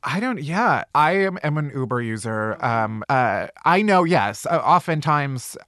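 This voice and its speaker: A podcast host in casual chat, relaxed and encouraging, giving short replies and a few stories. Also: mid-range voice, a little slow, no room sound.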